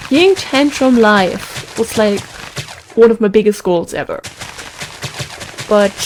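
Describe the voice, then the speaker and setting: A young woman hosting a gameplay video, chatting in a rambling, emotional way and sounding worn out after a concert. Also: fairly high pitch. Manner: rambling, excitable, emotional, with restarts and sighs. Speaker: let's play host. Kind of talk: casual chat while gaming.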